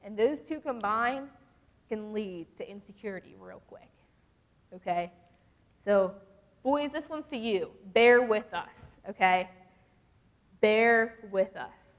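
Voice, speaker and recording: A young woman gives a casual, animated devotional talk to a youth group. She often acts out the voices she quotes. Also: mid-range voice, slow, pauses often. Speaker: youth speaker. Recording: long reverb from a large hall.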